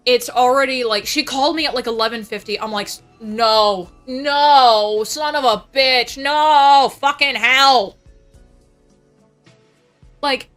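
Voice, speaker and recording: Bright-voiced woman ranting and swearing. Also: on the high side. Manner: heavy swearing, fast venting. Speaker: livestreamer. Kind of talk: casual ranting chat. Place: home.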